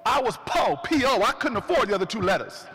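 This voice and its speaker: A folksy old Southern father, put on by a man teases in a plain-spoken way, his voice pitched high. A long hall reverb rings behind each line. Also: lively intonation, quick pace, sharp tone, slightly rough, full character voice. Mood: teasing.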